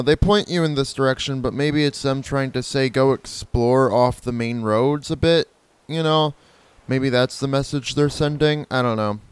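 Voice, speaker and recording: A man's voice: mid-range voice, smooth. A man casually commenting on his own gameplay, rambling playfully and correcting himself as he goes. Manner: rambling, playful, self-correcting, imitates creature cries. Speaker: gameplay video host. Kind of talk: casual let's-play commentary.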